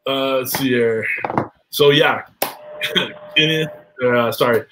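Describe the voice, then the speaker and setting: A man's voice: medium pitch, takes it slowly. Brief: male livestream host, loose banter, curses freely, slight hiss behind. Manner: loose, swearing, laughing banter. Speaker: live show host. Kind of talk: casual live-stream chat.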